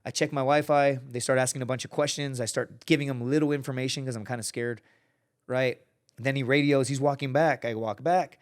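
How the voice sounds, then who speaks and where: A man's voice: mid-range voice, brisk, clear, resonant tone. A man from the United States, a podcast guest telling a story in casual talk, swearing freely and acting out the people he quotes. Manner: profane, animated, acts out quoted people.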